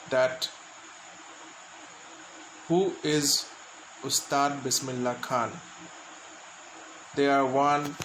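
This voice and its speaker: A man with an Indian accent, a school teacher, explaining an English lesson slowly and stopping often to gloss words for his students. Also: medium pitch, fairly bright tone, reverberant, slight background noise, low-quality recording.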